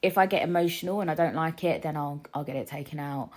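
Young woman rambling on her podcast, kinda low voice, bit of a cough, chatty. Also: fast. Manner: chatty, rambling, self-deprecating, lots of fillers and restarts. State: lingering cough. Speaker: podcast host. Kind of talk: casual solo podcast chat. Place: mum's living room.

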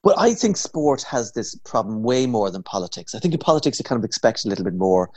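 A man's voice: medium pitch, very animated, quick pace, darkish tone, no echo. A man, an impressionist guest, chatting casually and rambling with many fillers and restarts. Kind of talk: casual chat.

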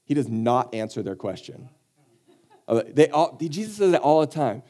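A man's voice: mid-range voice, very animated, moderate pace, warm tone. A man pastor giving a casual, conversational sermon with joking asides, acting out the people he quotes.

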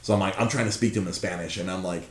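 A man telling a story in casual chat, animated and profane, laughing often. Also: sits low, rapid-fire. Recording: roomy echo.

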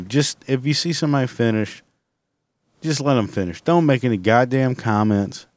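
Recording from home with no room sound, a man hosts his own podcast in a mid-range voice with lively intonation at a moderate pace. It's a casual solo rant: blunt, rambling and constantly profane.

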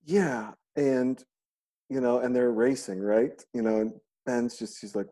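Man, middle-aged, podcast host, casual chat, rambling, joking, profane, relaxed dark tone. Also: medium pitch, measured pace. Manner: rambling and joking, acts out quotes, swears freely.

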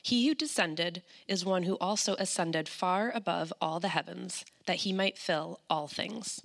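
Woman reading scripture in church, lowish voice, bit of fry. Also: unhurried. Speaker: scripture reader.

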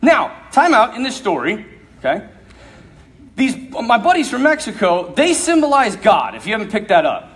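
Male preacher, high and very lively voice, comic storytelling sermon, laughs mid-line. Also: moderate pace. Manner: animated, laughs through his story.

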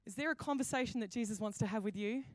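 A woman pastor, preaching a sermon with animated storytelling and acted-out dialogue. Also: on the high side, quick pace, no room sound. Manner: animated storytelling, acting out quoted voices. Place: church hall.

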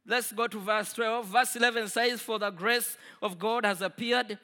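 A man preaching a sermon to a congregation, swinging from loud declarations to quiet asides. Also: high-pitched, fairly even intonation, normal speed, long reverb tail. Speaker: pastor.

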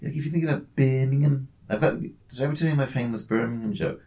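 A man's voice: medium pitch, fast talker, mellow. A man co-hosting a podcast in casual, rambling banter, joking and swearing freely. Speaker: podcast co-host. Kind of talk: casual banter over drinks.

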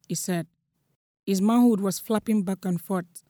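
A woman's voice: medium pitch, normal speed, dark tone, no echo, clean studio sound. Nigerian woman reading a story. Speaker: narrator. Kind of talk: first-person story reading.

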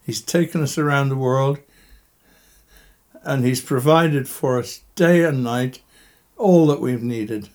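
A man's voice: mid-range voice, slow, pauses often, a little mellow. Breathless, emotional man in his seventies. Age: 70s. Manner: reflective, chuckling, choked up at times. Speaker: interviewee. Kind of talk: bedside podcast interview. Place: bedroom, recorded from bed. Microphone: microphone resting on the bedsheet.

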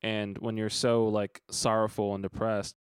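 A man's voice: lowish voice, level tone, measured pace, clean tone, dry recording, clean studio sound. A man co-hosting a casual podcast, reading a Bible passage aloud and reflecting on it earnestly, with frequent fillers. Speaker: podcast co-host.

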